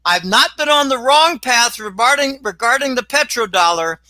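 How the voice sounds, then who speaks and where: A man talking as a guest in a casual interview, rambling and animated, with sudden exclamations. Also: very high voice, normal speed, few pauses, no echo, rough recording. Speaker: guest commentator.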